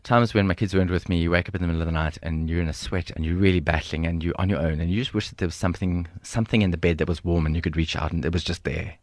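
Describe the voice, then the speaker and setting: A South African man in his forties speaks quickly with a lowish voice, close to a dry studio microphone. He tells his story with animation, acting out the voices in it and laughing often. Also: fairly even intonation, no echo. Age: 40s. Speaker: guest speaker. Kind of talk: storytelling in a podcast interview.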